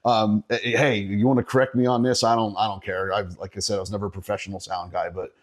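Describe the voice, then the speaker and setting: Profane, low-voiced man telling a story. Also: flat delivery, fast. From Northeastern Pennsylvania. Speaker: podcast guest. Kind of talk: casual storytelling chat.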